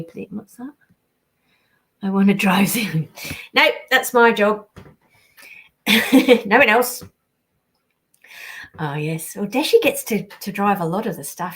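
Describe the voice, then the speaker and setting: A woman's voice: mid-range voice, a little mellow. A woman voice actress chatting casually on a livestream while signing prints, reading fan messages aloud, trailing off and dropping into whispered asides. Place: indoors at a signing table.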